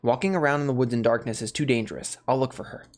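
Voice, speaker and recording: A man reading a calm level-headed young man. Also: medium pitch, fast, natural voice. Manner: calm, reasoning.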